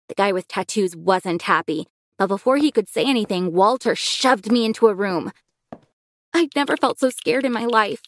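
Expressive woman telling a story. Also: medium pitch, moderate pace, no room sound. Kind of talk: first-person story narration.

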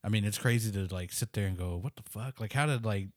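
Low-voiced rambling man, dry mic. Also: fast talker, no echo. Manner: rambling, filler-heavy. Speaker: musician guest. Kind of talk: casual chat.

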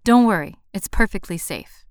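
A woman voicing a cocky, teasing young Boston guy in a storybook; smooth, close-miked delivery. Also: high-pitched, animated, normal speed, no echo. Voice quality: teasing, playful.

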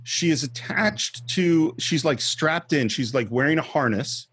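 This man, co-hosting a film-discussion podcast, retells scenes piece by piece and performs the lines in a relaxed chat. He sounds a little high, slightly bright and husky, animated but measured in pace.

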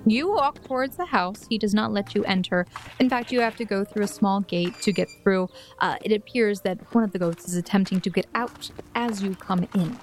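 A woman narrating scenes as game master in a tabletop game, steady and descriptive. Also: medium pitch, moderate pace, soft background music.

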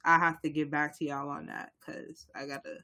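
A man's voice: fairly high pitch, level tone, normal speed, gravelly, bright, forceful tone. A young man co-hosting a casual talk show, speaking with passion, rambling and often restarting. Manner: impassioned, rambling, many restarts. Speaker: podcast co-host. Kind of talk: casual chat.

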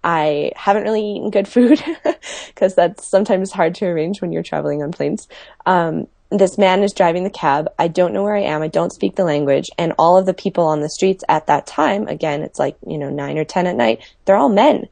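A woman with a low, gravelly voice tells travel stories in a relaxed, chatty way, full of fillers. Her voice sounds dry and close to the mic. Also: a little fast, no room sound. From United States. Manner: chatty storyteller, many fillers. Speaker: guest telling travel stories. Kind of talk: casual podcast chat.

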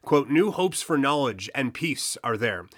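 Bright-voiced man with a Boston accent. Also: medium pitch, big pitch swings, unhurried. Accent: Boston with a touch of Texas. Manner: laid-back, chuckling, hesitant restarts. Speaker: podcast co-host. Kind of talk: casual chat, reading history notes.

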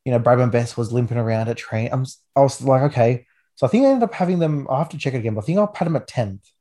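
A man's voice: mid-range voice, lively intonation, rapid-fire, warm tone. A man in his twenties with an Australian accent, hosting a casual rugby league chat with enthusiastic, rambling talk full of restarts. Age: 20s. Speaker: podcast host.

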